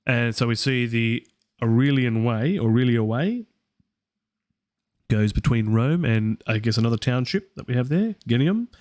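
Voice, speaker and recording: An Australian man hosts a live Latin study session, musing aloud and pausing on fillers as he works through each sentence. His voice is smooth and resonant at a middle pitch. The sound is dry and close, with no room echo. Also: lively intonation.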